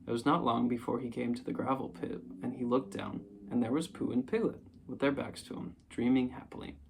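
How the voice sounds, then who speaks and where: A man reading a children's storybook aloud in a gentle, unhurried way. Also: mid-range voice, level tone, gravelly, noisy background. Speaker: audiobook reader. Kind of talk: storybook narration.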